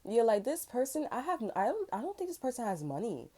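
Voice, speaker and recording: A woman's voice: fairly high pitch, very animated, fairly quick, warm tone. A young woman giving a rambling, casual tarot reading, frank and full of fillers. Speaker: tarot reader.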